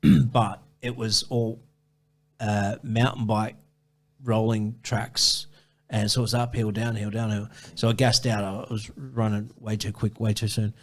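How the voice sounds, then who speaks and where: A man's voice: on the low side, little pitch movement, a little slow. A man telling a long running story in a casual interview, rambling and swearing, with many restarts. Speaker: ultrarunner guest.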